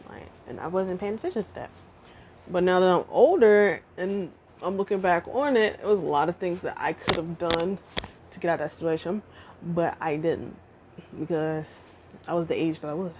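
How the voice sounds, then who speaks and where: A woman's voice: fairly low pitch, highs cut off, a little hiss or hum. A young adult woman casually telling a personal relationship story to her viewers. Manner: casual, animated storytelling, addresses viewers directly. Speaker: vlogger. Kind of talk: storytime chat.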